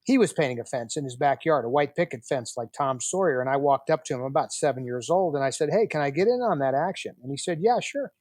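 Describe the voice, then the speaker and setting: A man's voice: mid-range voice, fast, hardly any pauses, no echo, clean studio sound. Older man telling family stories animatedly. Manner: animated storyteller, acts out quoted dialogue. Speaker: podcast guest. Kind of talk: storytelling interview.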